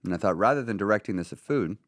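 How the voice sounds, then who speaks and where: Male live-stream host, blunt and profane, lively pitch, dry mic. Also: fast talker, no room sound. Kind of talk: casual motivational talk.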